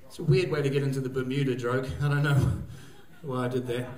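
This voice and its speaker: Rambling crude New comedian. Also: male voice, medium pitch, steady tone, fairly quick, a little mellow. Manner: rambling, crude, self-mocking, laughing at own jokes. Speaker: stand-up comedian. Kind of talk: stand-up comedy set. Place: comedy gig venue, live audience. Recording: echoey live venue.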